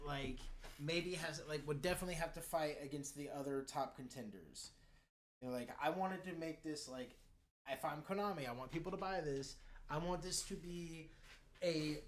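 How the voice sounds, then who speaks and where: A man streaming from home, chatting casually in a loose, rambling way with many fillers and restarts and the odd swear word. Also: fairly high pitch. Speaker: streamer and hobby card designer. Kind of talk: casual live-stream chat. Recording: roomy echo with faint background hum.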